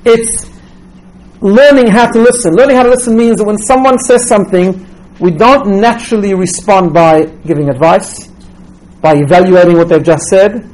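A man's voice: high-pitched, normal speed, a little mellow, low-quality recording. A man giving a religious teaching talk, telling stories and checking in with "right?" as he goes, often repeating words as he restarts. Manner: storytelling, tags points with "right?".

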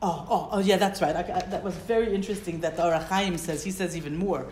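A woman's voice: lowish voice, fast, darkish tone, a little hiss or hum. A woman teaching a Torah study class. She reads Hebrew phrases, translates them and asks questions as she explains.

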